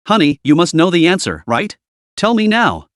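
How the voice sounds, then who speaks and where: A man's voice: high voice, huge pitch swings, moderate pace, a bit bright, dry recording, clean studio sound, exaggerated voice. A man voicing a desperate, crippled middle-aged man who pleads and curses frantically. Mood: begging.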